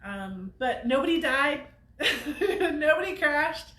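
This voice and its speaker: A woman's voice: high voice, lively intonation, slow pace, sharp tone, roomy sound. A woman hosting a weekly show, telling a story to viewers in a chatty way and laughing often. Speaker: host of a weekly off-road show.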